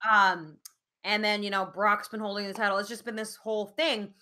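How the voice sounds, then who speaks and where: A woman co-hosting a podcast in casual chat, animated, with lots of fillers and swearing. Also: mid-range voice, normal speed. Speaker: podcast co-host.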